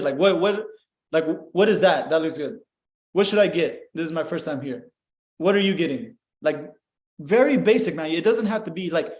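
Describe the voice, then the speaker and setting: Animated, profane young man in an echoey room. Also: sits high. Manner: animated, profane, acts out dialogue. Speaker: podcast guest. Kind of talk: casual storytelling chat.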